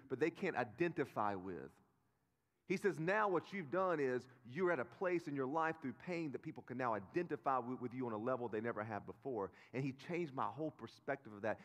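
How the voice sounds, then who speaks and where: A man preaching a sermon as pastor, casual and animated, swinging between loud emphasis and quiet, earnest moments. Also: medium pitch. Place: church auditorium. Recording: reverberant church hall.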